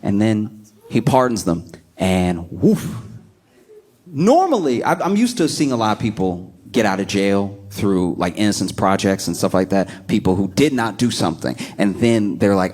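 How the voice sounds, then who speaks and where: Animated male stand-up comedian. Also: lowish voice, slightly rough. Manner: animated storytelling, acting out quick voices.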